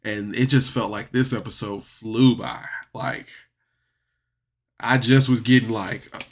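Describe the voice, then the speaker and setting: A man's voice: fairly low pitch, steady tone, slow pace. A man giving a casual, rambling solo podcast review, chatty and laughing often.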